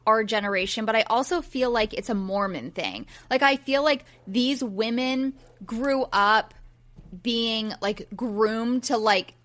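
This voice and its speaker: A woman's voice: fairly high pitch, a little slow, a bit bright. A woman in her forties co-hosting a podcast, chatting easily and thinking aloud about a reality show. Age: 40s. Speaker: podcast co-host. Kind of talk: casual reality TV recap chat.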